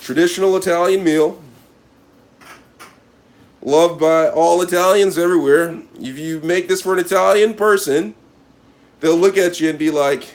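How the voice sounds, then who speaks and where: Man, cooking host, fairly high voice, mock-serious running commentary while he works. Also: steady tone, normal speed, long pauses. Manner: mock-serious, repeats a catchphrase, talks to viewers as he works. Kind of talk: casual cooking demonstration to camera.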